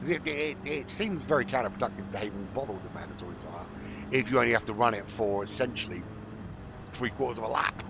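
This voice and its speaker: A man's voice: medium pitch, fast, creaky, muffled recording, noisy background. A middle-aged man from London with a London accent, casually commentating on a sim race, chatty and prone to joking digressions. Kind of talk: rambling solo race commentary.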